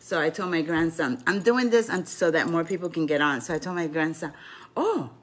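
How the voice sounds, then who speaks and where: In a low voice and at a fairly quick pace, a grandmother rambles through a story in between card and rune readings. This older woman's casual vlog is full of "you know" asides.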